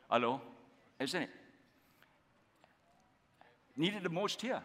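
A man's voice: a little high, expressive, moderate pace, fairly bright tone. A man with a Malaysian English accent preaching a sermon as pastor, often checking with the congregation through repeated rhetorical questions. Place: church hall. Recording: long hall reverb.

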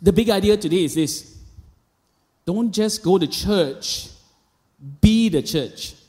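A pastor in his thirties, speaking Malaysian-accented English, delivers a sermon in a church auditorium, with storytelling, quoted voices and casual asides. His voice is high, animated and darkish, at a slow pace, and the recording has a large hall's long reverb.

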